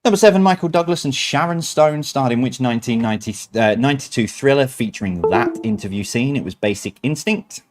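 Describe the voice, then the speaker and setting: A man's voice: medium pitch, animated, fairly quick, few pauses. A man hosting a streamed quiz night, reading out answers with chatty, self-mocking asides. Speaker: quiz host.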